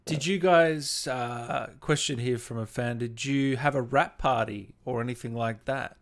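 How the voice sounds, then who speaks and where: A man hosting a live-stream interview, relaxed, reading fan questions aloud on a video call. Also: mid-range voice, measured pace. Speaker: interviewer host.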